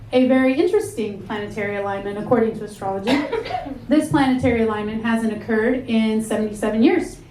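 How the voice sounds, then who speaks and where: A woman in her thirties performing a stand-up comedy set with a dry, deadpan delivery on a club stage, speaking into a handheld mic. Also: on the high side, slight background noise. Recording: echoey club with loud audience laughter.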